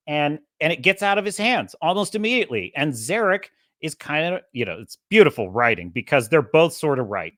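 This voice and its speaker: Podcast host, male, slightly high voice, lively and rambling, dry close sound. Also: dry recording. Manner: rambling, animated storytelling with restarts. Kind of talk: casual opinionated chat.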